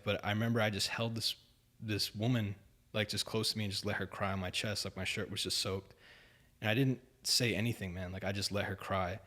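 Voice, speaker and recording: Guest, young adult male, low register, loose, filler-heavy storytelling. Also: fairly bright tone. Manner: rambling, filler-heavy, says "like" and "dude" often. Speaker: podcast guest. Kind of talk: casual storytelling chat.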